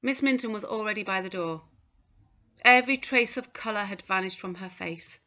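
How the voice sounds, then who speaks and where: A woman narrating a children's novel in a steady storytelling manner. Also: medium pitch, moderate pace, dull audio. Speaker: audiobook narrator. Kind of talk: scripted narration.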